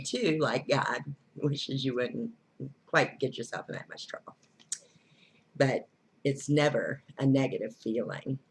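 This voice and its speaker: A woman's voice: a bass voice, slightly rough. A woman giving casual spiritual advice, blunt and earthy, who swears freely and laughs often. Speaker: spiritual teacher.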